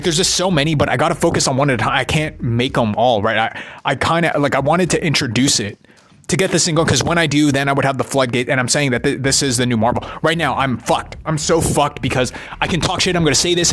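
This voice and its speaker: A man's voice: medium pitch, a bit bright. A man in a rambling, casual monologue about movies, swearing freely and ending his thoughts with a questioning "right?". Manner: rambling, profane, constant "right?" tags.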